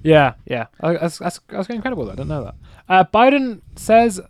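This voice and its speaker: A man's voice: high voice, very animated, moderate pace, dry recording, studio quality. An English man co-hosting a podcast in casual chat, easygoing and jokey, laughing a lot. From England. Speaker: podcast co-host.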